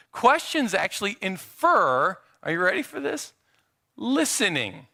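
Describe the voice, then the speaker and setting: A man's voice: very high voice, sharp tone. A middle-aged man preaching a sermon in a church, conversational and acting out quotes from his children. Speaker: pastor. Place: church sanctuary.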